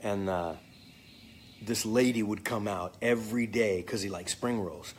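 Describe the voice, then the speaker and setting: A man's voice: lowish voice, a little slow, a little hiss or hum. A man casually answering fan comments, joking and swearing freely. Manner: joking, profane, off the cuff. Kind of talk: casual live chat.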